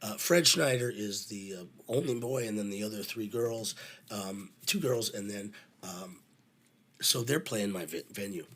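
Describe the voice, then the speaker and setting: A middle-aged man telling backstage stories in a casual, animated way, swearing freely and using lots of fillers. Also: fairly low pitch, unhurried, husky. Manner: animated, profane, full of fillers. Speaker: podcast guest, venue manager. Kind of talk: casual anecdotal storytelling.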